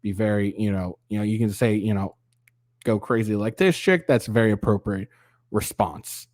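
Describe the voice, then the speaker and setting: A man's voice: fairly low pitch, moderate pace, darkish tone, dry recording, clean studio sound. Sarcastic man hosting reaction commentary. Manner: mocking, profane, mimics voices. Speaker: commentary channel host.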